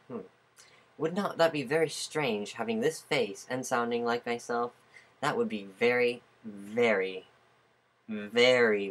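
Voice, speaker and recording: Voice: medium pitch, a bit bright. A playful speaker in a small indoor room on a webcam mic, trying out different voices and asking rhetorical questions aloud. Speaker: vlogger. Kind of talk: casual webcam vlog, testing different voices.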